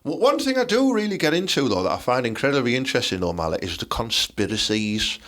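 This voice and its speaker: A man's voice: mid-range voice, big pitch swings, quick pace, a bit bright. A man hosting a casual comedy podcast, sweary and mocking, slipping into silly voices. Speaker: podcast host.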